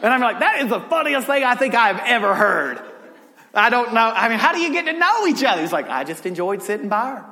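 A pastor with a very high voice preaches briskly in a large church sanctuary, spinning family stories and jokes amid plenty of laughter. He's an animated, drawling Southern storyteller who laughs as he goes.

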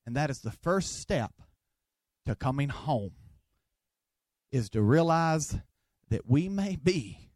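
A man's voice: on the high side, very animated, slow pace, long pauses, darkish tone, no room sound. A man from the Southern United States, with a Southern accent, preaching an emphatic, joking sermon full of repeated phrases.

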